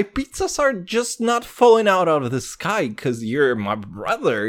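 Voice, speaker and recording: A man's voice: huge pitch swings, slow, few pauses. Crude, rambling young man podcasting. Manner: crude, rambling and joking, swears constantly, jumps in pitch for effect. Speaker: podcast host. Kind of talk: casual solo podcast rant.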